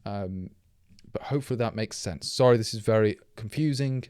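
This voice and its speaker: A man's voice: fairly low pitch, moderate pace, darkish tone, no room sound, clean studio sound. Tipsy man thinking aloud. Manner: rambling, thinking aloud, self-correcting. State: a little tipsy from drinking. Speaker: programmer streaming live. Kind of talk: live coding commentary.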